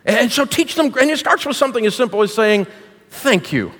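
A man's voice: extremely high pitch, quick pace, fairly bright tone. A middle-aged man preaching as a guest speaker to a church congregation, folksy, punchy and jokey. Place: church auditorium. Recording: long reverb of a large hall.

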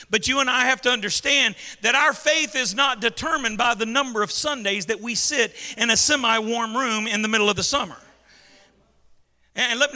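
A male pastor delivers an emphatic sermon in a very high, piercingly bright voice. He calls out to the congregation and has them repeat lines back. His voice rings out with a long reverb through a large church hall. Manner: emphatic call-and-response preaching.

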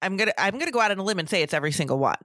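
A woman's voice: medium pitch, lively intonation, very fast, fairly bright tone, no echo, clean studio sound. A middle-aged woman co-hosting a casual podcast, speaking emphatically with exasperated asides about work in a pediatric office. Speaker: podcast co-host, breastfeeding professional.

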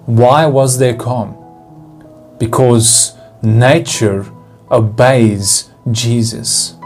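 A man's voice: mid-range voice, a little mellow. A man giving a devotional sermon in an earnest, pleading way, asking rhetorical questions. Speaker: devotional speaker.

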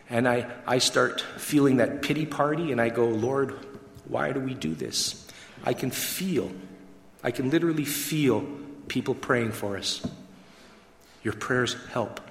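A man's voice: medium pitch, fairly bright tone. A man giving an emotional testimony to an audience, acting out the dialogue as a dramatic storyteller. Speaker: gospel mission worker giving testimony. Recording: echoey hall with long reverb.

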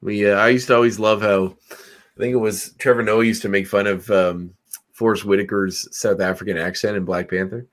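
A man co-hosting a casual podcast chat, tossing out quick guesses and grumbling playfully. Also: lowish voice, fairly even intonation. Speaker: podcast co-host.

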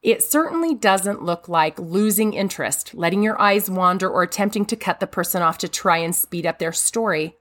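A woman who is a mother, giving an earnest, emphatic devotional talk with a warm manner. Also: fairly low pitch, animated, moderate pace, hardly any pauses. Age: adult mother. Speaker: speaker.

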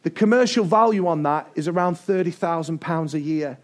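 A man preaching a sermon to his church, energetic and building to shouts, with joking asides. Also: fairly high pitch, fairly quick. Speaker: pastor. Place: church service before a congregation.

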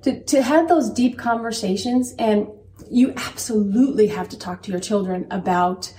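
A mother telling candid stories about parenting in an earnest, animated way as a guest. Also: medium pitch, normal speed, recorded from a distance. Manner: earnest, animated, quotes herself. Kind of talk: candid conversational storytelling. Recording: echoey room, voice from off-mic.

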